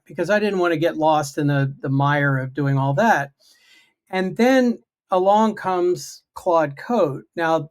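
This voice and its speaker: A man chatting casually on a video-call livestream, explaining his project in a self-deprecating way. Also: fairly high pitch. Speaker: guest programmer.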